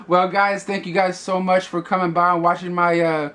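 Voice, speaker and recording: A man's voice: sits high, unhurried, a bit bright. Rambling man reviewing a movie. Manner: rambling, many fillers and restarts. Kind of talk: casual video review.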